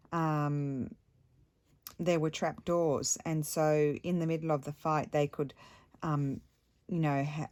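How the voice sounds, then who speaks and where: Low-pitched woman, casual craft vlogger, rambling and full of ums. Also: a little mellow. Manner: rambling, chatty, many ums and restarts. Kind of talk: casual chat while stitching.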